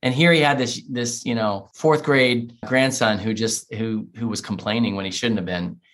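A man's voice: medium pitch, fairly even intonation, normal speed, fairly bright tone. A middle-aged man from the United States, an author telling a heartfelt personal story in an interview. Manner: earnest, heartfelt, emotional retelling. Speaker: author, guest.

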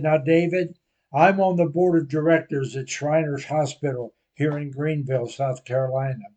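A man's voice: a little high, mellow. Earnest older male preacher. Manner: slow earnest storytelling. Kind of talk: sermon testimony.

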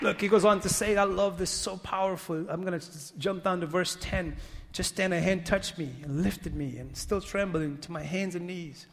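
A man preaching a sermon as pastor, swinging from loud exhortation to hushed, earnest pleading. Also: sits high, steady tone, moderate pace, creaky, few pauses, big-room sound. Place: church sanctuary.

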